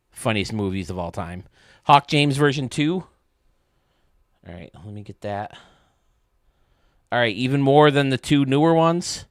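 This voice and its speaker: A man's voice: medium pitch, fairly bright tone, no echo, clean studio sound. A male streamer chatting casually with his viewers while gaming, joking and swearing freely.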